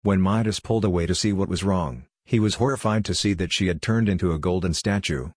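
A man's voice: low voice, fairly quick, dry recording, studio quality. A man narrating a scripted storybook in a plain, lightly humorous way.

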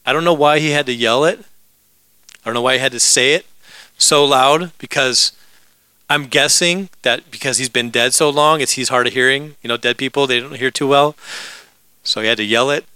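A man's voice: medium pitch, normal speed, pushed and bright, smooth, no echo, rough recording. A man preaching a sermon in a conversational way, with jokes and asides to the congregation. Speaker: pastor.

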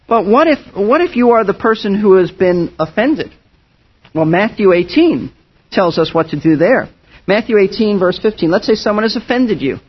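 High-voiced husky preacher man. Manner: earnest and emphatic, with frequent restarts. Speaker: pastor. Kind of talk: sermon. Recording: dull lo-fi sound.

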